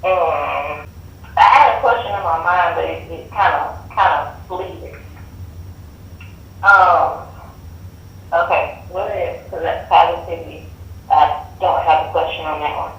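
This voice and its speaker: A woman calling in for a tarot reading, answering hesitantly and softly. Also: sits low, measured pace, creaky, long pauses. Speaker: caller getting a reading. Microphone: phone earbud. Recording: distant, echoey phone line with faint noise.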